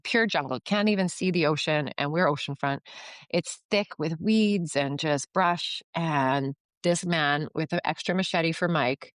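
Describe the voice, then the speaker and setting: A woman's voice: sits low, measured pace, no echo. A woman from Canada, a guest on a podcast, telling a story in a casual, chatty way with lots of fillers and acted-out dialogue. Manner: chatty, filler-heavy, acts out quoted dialogue. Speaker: podcast guest, yoga retreat founder.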